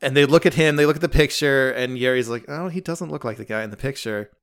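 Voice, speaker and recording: A man's voice: medium pitch, quick pace, a bit bright, smooth. A man co-hosting a podcast, casually retelling a scene and quoting its lines on a close home mic. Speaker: podcast co-host. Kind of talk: casual recap chat.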